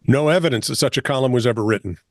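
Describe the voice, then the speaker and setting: A man's voice: medium pitch, very fast, no room sound, clean studio sound. A man co-hosting a comedy news podcast, reading headlines in a chatty way and laughing often. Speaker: co-host. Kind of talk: casual news banter.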